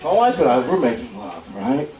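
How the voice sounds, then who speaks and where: Animated stand-up comic in an echoey club. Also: male voice, medium pitch, moderate pace, recorded from a distance. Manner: animated storytelling, acting out voices. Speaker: stand-up comedian. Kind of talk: stand-up comedy set. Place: comedy club stage. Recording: echoey club, recorded from afar, noisy. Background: audience laughter.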